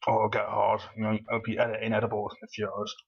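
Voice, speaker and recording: Husky, manic man rambling over gameplay. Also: fairly low pitch, completely flat delivery, fast, lo-fi sound. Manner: manic, rambling, laughing a lot. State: has a cold. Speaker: let's play commentator. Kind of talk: casual gameplay commentary.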